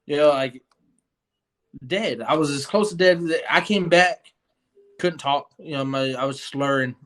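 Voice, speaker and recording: A man's voice: on the high side, unhurried, a bit bright. A young man telling his story in a casual interview, earnest and rambling, with many fillers and restarts. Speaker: guest.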